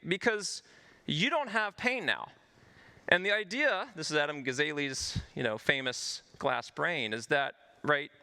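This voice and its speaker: A man's voice: fairly high pitch, sharp tone. A man, a physician, giving a conference presentation, explaining research earnestly and walking the audience through a patient's story. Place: stage at a health conference.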